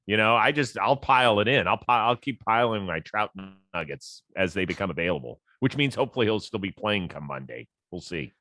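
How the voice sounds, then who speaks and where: An easygoing sports talk host, a man from Ohio, chats casually about baseball. His voice sits low, and the sound is dry and close, with no room around it. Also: animated, brisk, few pauses, pushed and bright, no echo. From Cleveland, Ohio. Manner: easygoing, laughs often, trails off low.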